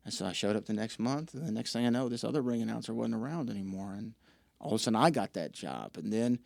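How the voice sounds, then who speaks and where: A young adult man, a wrestling ring announcer on a podcast, talks fast in a fairly low, creaky voice. The recording is dry and studio quality. He tells stories casually and with animation, performing quoted dialogue.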